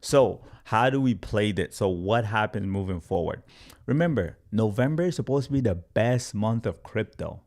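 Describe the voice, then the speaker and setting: Male crypto commentator, lowish voice, energetic, repeats his points, casual delivery. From Canada. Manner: energetic, repeats points, acts out panicking traders. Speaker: crypto YouTuber.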